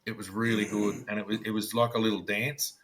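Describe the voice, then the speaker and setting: A man's voice: lowish voice, level tone, fairly quick, a bit bright, a little hiss or hum. An Australian man, a former police officer co-hosting a podcast, telling blunt war stories in a casual chat, swearing freely and acting out what colleagues said.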